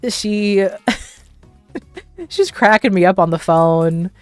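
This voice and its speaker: A woman's voice: mid-range voice, very animated, slow, darkish tone, no echo, soft background music. A young woman hosting a livestream, telling casual stories in a rambling way, full of "like" fillers and laughing often. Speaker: livestream host. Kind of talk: casual storytelling.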